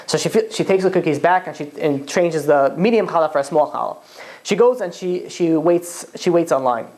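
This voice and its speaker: A woman's voice: low-pitched, expressive, fairly quick, darkish tone. A woman telling a long story in a chatty, casual way, with many "like" and "you know" fillers.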